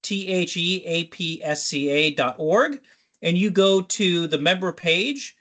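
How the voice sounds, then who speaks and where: A man's voice: high-pitched, measured pace, fairly bright tone. A man hosting an online webinar on a video call, talking loosely and unscripted with restarts as he moves to the Q&A. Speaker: webinar host.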